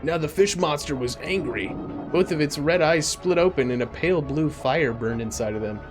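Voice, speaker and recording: A man's voice: fairly high pitch, normal speed. A man streaming live, reading a game's story aloud and chatting casually between the lines. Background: game music.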